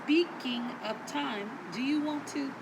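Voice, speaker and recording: A woman's voice: high voice, a little slow, gravelly. A woman voicing a sassy, impatient fellow cane master who teases bluntly in a comedy sketch. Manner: teasing, blunt. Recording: loud background noise.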